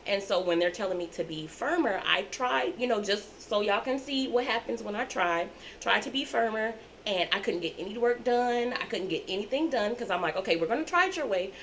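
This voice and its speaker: A woman's voice: medium pitch, normal speed, hardly any pauses, a bit bright, slight background noise. A woman who teaches autistic children, speaking earnestly and persuasively in a casual chat.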